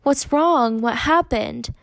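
A worried young storybook girl, urgent and pleading, as a woman reading aloud voices her. The voice is on the high side and sounds dry and close. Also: takes it slowly, vocal fry, no echo. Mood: anxious. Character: frightened, anxious young girl.

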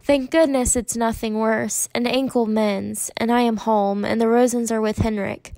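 A woman reading as a soft, reassuring mother. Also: fairly high pitch, moderate pace, gravelly, no echo. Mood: soothing. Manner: soft, steady, self-deprecating. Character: gentle, injured mother, calm and reassuring.

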